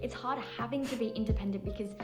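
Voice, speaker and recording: A woman speaks in short social media clips, earnest and opinionated as she complains about dating and unfairness. Her voice sits a little high. Faint music plays behind her. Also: fast talker. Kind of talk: confessional social media monologue.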